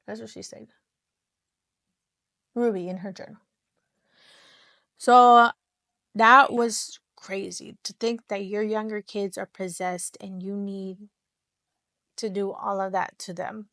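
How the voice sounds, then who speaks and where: A woman's voice: medium pitch, steady tone, slow pace, pauses often, pushed and bright, no echo, clean studio sound. A woman hosting a podcast, retelling a true-crime case in casual chat, rambling with lots of restarts and fillers. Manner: chatty, rambling, full of "like" and restarts. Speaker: podcast host.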